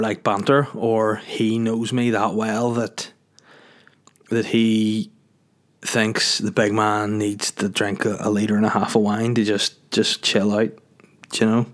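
A man with a Northern Irish accent who hosts a podcast and talks in a rambling, jokey way, full of filler words. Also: on the low side. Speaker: podcast host. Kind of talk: casual podcast monologue.

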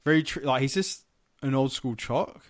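A man co-hosting a podcast in loose, animated chat. His pitch sits in the middle range for a man, and he swears often and slips into quoted lines from scenes. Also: moderate pace. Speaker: podcast co-host. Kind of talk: casual chat.

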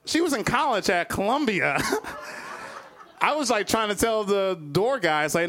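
A man telling a personal story live, animated, chuckling between lines and acting out other people's voices. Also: sits high, unhurried. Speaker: storyteller, comedian.

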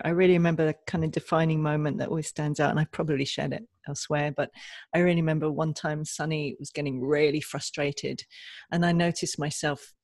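Woman co-host, earnest reflective chat, gravelly tone, dry close sound. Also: low voice, no room sound. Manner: earnest, reflective, frequent restarts. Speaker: podcast co-host. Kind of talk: casual conversational chat.

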